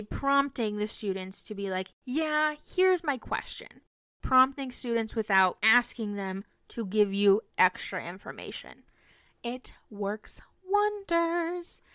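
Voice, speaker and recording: A woman's voice: mid-range voice, sharp tone, clean tone, no echo. A young woman teacher hosting a solo podcast, explaining classroom strategies in an earnest way. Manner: earnest, explanatory, demonstrates phrases.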